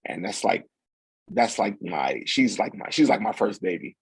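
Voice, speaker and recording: A man in his forties tells his story in a gravelly, husky low voice, close and dry. He acts out the nurses, the doctor and his friend with easygoing street slang. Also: moderate pace, dry recording. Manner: animated, acts out quotes with slang. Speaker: podcast guest. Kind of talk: casual storytelling.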